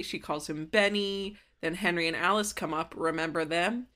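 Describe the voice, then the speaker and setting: A woman's voice: fairly low pitch, moderate pace, few pauses, fairly bright tone. Playful twentysomething woman podcast host. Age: 20s. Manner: playful, joking, frequent laughter. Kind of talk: casual chat recapping a TV episode.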